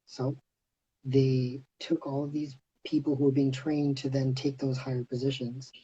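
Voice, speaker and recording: A man hosting a casual livestream chat, telling a story in an animated way with lots of "like" and "you know". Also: mid-range voice, unhurried, husky, highs cut off. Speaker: host of livestream. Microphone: phone on a live video stream.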